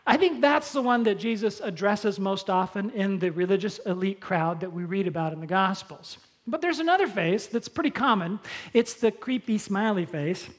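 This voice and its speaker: A pastor with a mid-range voice preaches a sermon in a conversational style. He uses props and slows down for emphasis.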